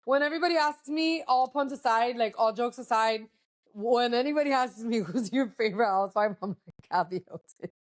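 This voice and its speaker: A woman's voice: fairly high pitch, fairly quick. A woman co-hosting a podcast, chatting casually and gossiping with lots of profanity, slipping Spanish words into her English. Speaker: podcast co-host. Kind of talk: casual chat.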